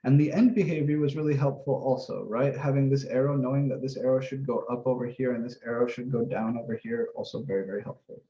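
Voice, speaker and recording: A man teaches math in a relaxed office-hour session, talking through each step as he works. His voice is gravelly and mellow, with a darker tone. The recording sounds roomy and slightly dull. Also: mid-range voice, quick pace, hardly any pauses. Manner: casual and relaxed, talks through each step, occasional mild swearing. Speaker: math instructor. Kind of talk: office-hour lesson, thinking aloud while drawing.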